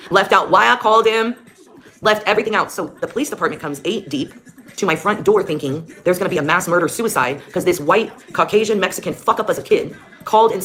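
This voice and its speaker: There's a little hiss or hum in this recording of a low-pitched, slightly bright-voiced woman telling her own story as a mother. She's blunt and heated, swears heavily, and music plays clearly in the background.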